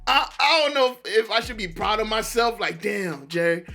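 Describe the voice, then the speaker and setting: A man's voice: very high voice, expressive, brisk, gravelly, bright, forceful tone, soft background music. A man hosting a reaction video, talking in a laid-back, slangy way with laughing asides. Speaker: reaction channel host. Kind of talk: casual reaction commentary.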